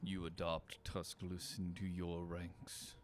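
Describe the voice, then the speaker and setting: A booming orc chieftain on a broken throne, as a man puts him on. He speaks slowly and sternly, in a deep, low voice, the lines drawn out and heavy. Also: monotone, a little hiss or hum.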